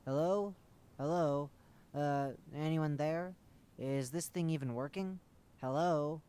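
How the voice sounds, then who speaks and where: A man's voice: a little high, moderate pace, clear, resonant tone, natural voice. A man voicing a clumsy, jumpy young male field operative who stammers and apologizes. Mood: eager nervous.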